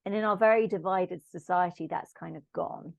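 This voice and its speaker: A woman talking as a podcast guest, thoughtful and reflective, often pausing to search for words. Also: lowish voice, creaky, darkish tone, no room sound, highs cut off. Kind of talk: thoughtful conversational discussion.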